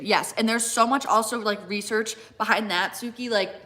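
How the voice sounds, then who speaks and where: Young woman, bright tone, casual live-stream chat, says "like" a lot, eating between answers. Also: fairly high pitch, normal speed, hardly any pauses. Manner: chatty, fills with "like" constantly. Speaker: fitness content creator.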